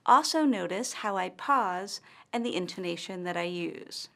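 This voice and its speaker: A woman English pronunciation teacher giving a slow, careful, scripted lesson narration. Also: fairly low pitch, animated, vocal fry, fairly bright tone.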